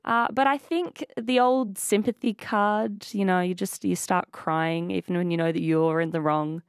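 A woman with an Australian accent hosting a breakfast radio show in a studio, chatty and playful with lively laughs. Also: fairly low pitch, normal speed, clear, resonant tone, no echo. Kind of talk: casual radio chat. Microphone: studio microphone.

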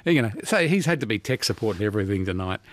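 Australian male talkback host, 60s, animated pitch, dry studio sound. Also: fast, no room sound. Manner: chatty, laughs often, trails off and restarts. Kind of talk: casual talkback radio chat.

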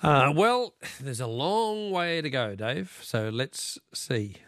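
A man's voice: medium pitch, expressive, takes it slowly, fairly bright tone, no room sound, clean studio sound. A middle-aged Australian man hosting a talkback radio quiz, chatty and joking with callers. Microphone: studio microphone.

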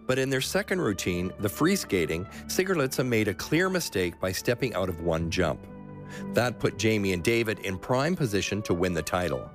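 Low voiced guy narrating a radio sports doc, lots of up and down in his voice, soft music behind. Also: big pitch swings, normal speed. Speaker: radio documentary host and narrator. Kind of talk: scripted documentary narration with interview questions.

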